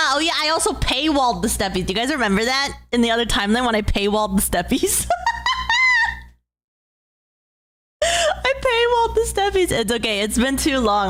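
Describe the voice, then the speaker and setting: A woman streamer chatting casually with her viewers in a doting, rambling way. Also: mid-range voice.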